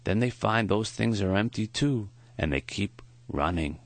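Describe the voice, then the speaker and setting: A man voicing a frail elderly male professor in his seventies, with a foggy, high-pitched voice and a slow, soft, tender delivery. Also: expressive, dry recording. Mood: reflective. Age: 70s.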